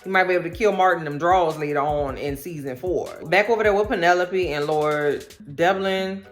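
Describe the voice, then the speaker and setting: Animated, slangy woman recapping a show. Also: fairly low pitch, normal speed, soft background music. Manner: animated, slangy storytelling with acted-out quotes. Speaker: recap vlogger. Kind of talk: casual TV recap chat.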